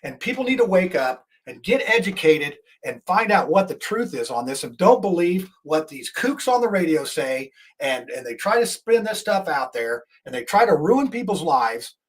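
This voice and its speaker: A man's voice: on the high side, sing-song, moderate pace, few pauses, breathy edge. A man hosting a talk show, giving heated political commentary in an indignant, rambling way with many restarts.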